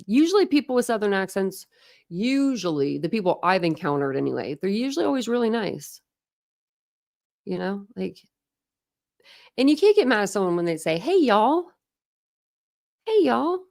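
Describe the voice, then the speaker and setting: A woman's voice: medium pitch, big pitch swings, moderate pace, gravelly, pauses often, darkish tone. A young woman hosting a true crime channel, chatting casually and rambling to her livestream viewers, full of "like"s and restarts.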